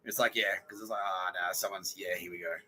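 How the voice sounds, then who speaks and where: A man's voice: deep voice, fairly even intonation, quick pace, pushed and bright, rough recording. A man hosting a podcast, telling a rambling, profane story and laughing at his own jokes. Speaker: podcast host. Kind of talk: rambling monologue.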